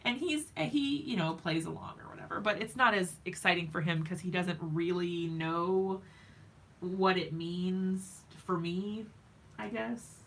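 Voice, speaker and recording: A woman's voice: lowish voice, a little slow, fairly bright tone, a little hiss or hum. A woman hosting a craft live stream, chatting casually and giggling with viewers in the chat while she works at home.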